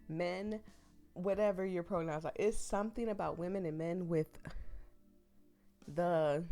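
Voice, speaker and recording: A woman's voice: on the low side, darkish tone. A woman playing a dating game, reading the story aloud and reacting in gushing, giggly asides. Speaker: let's play streamer.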